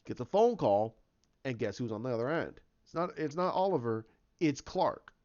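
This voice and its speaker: A man's voice: mid-range voice, animated, normal speed, a little mellow, dull audio. A man casually retelling his own movie idea, rambling with lots of restarts and fillers. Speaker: fan pitching a movie idea.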